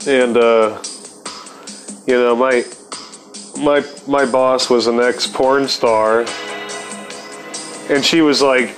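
Male host, casual storyteller, middle-pitched, slangy and foul-mouthed, soft music underneath. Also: fairly even intonation, slow pace, long pauses, poor audio. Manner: profane, slangy, rambling, peppered with dude and man. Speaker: podcast host telling stories.

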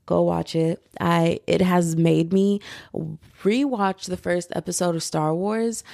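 Young female podcast host, rambling animated chat, gravelly fry, dead-dry room. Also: on the low side, no room sound. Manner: animated, chatty, rambling with fillers. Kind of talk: casual solo podcast chat.

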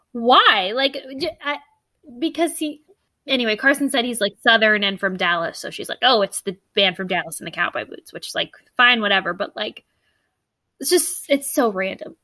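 Bright, chatty woman podcast co-host. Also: mid-range voice, no room sound. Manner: chatty, puzzled, many likes and restarts. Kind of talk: casual book discussion.

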